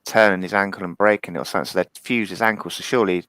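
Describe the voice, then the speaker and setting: Co-host, man, quick and deep, chatty tag-question style. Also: fairly even intonation, a bit bright, no echo. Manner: reasoning things through, tag questions. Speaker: podcast co-host. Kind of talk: casual football chat.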